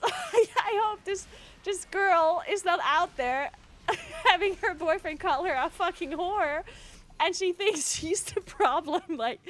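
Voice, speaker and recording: A woman's voice: extremely high pitch, a bit bright. A woman streamer chatting casually on a live stream into a streaming microphone, laughing often and swearing freely as she talks in loose restarts. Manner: giggly, breaks into frequent laughter. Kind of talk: casual livestream chat.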